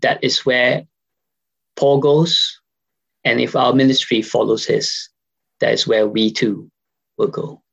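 A man with a gravelly, husky voice preaches a sermon online. He talks earnestly, posing questions to his listeners and pausing on frequent fillers. His pitch sits mid-range. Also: fairly even intonation, a bit bright, highs cut off. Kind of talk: sermon over a video call.

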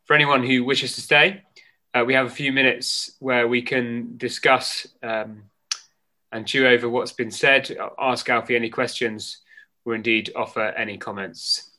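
A man closes the formal part of an online meeting and opens the floor. His voice is bright and flat, and his polite words come with many hesitant fillers. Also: mid-range voice, unhurried. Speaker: meeting host. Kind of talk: casual hosting of an online meeting.

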